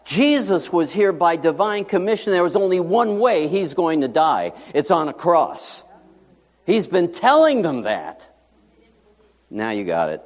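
A male pastor preaches with lots of pitch movement, his voice rising and falling as he throws rhetorical questions at the congregation. He sits a little above the usual male pitch. The recording carries the long reverb of a church sanctuary. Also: unhurried. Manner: animated, conversational preaching full of rhetorical questions. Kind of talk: sermon. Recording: long reverb in a large hall.

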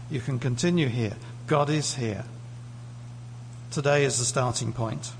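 A man's voice: medium pitch, measured pace. Uk guy giving a sermon, chatty, asks the crowd stuff, reverby hall, faint hum in the back. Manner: conversational, asks questions of the congregation. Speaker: preacher. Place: church hall. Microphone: lectern mic.

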